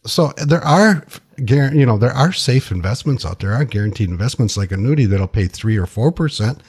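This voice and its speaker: A man's voice: mid-range voice, animated, a little fast, darkish tone, breathy edge. A man talking as a financial advisor guest in casual radio talk, folksy, repeating himself and laughing easily.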